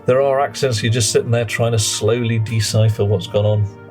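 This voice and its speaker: A man's voice: fairly low pitch, steady tone, moderate pace, a little mellow, soft background music. A man streaming a game, chatting in a rambling, self-mocking way. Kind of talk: live gameplay commentary and chat.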